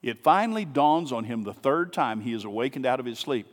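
A pastor delivers a sermon in a church sanctuary, chatting casually with rhetorical questions and side remarks aimed at the congregation. He has a mid-range voice with lively intonation, speaks fairly quickly, and the sound fills a large hall.

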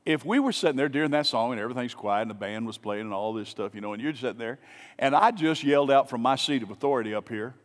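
A man's voice: medium pitch, animated, normal speed, in a large hall. A man pastor preaching a sermon in a casual, conversational way, asking rhetorical questions and dropping asides to his congregation. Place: church sanctuary.

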